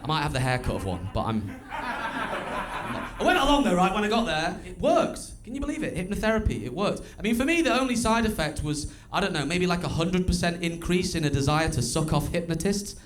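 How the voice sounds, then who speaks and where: A man's voice: high voice, big pitch swings, brisk, background noise. A young man doing a live stand-up set in a small club, telling crude self-mocking stories in a chatty way on a stage mic. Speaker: stand-up comedian. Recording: echoey club room with music.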